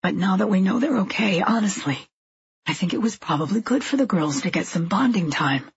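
A woman voicing a tall, stern middle-aged husband who talks in clipped, forceful bursts. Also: medium pitch, animated, brisk, breathy edge, highs cut off. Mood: consoling.

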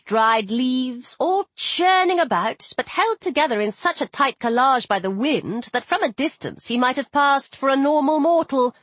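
A woman reads a first-person audiobook, her fairly high voice moving widely in pitch. Her storytelling is expressive and lively. The sound is dry and close. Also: no room sound. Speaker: audiobook narrator.

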